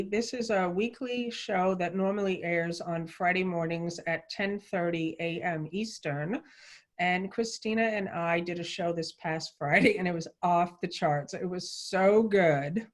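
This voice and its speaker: A woman's voice: on the low side, unhurried. Effusive woman hosting a livestream show. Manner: effusive and enthusiastic, chatty storytelling. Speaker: show host.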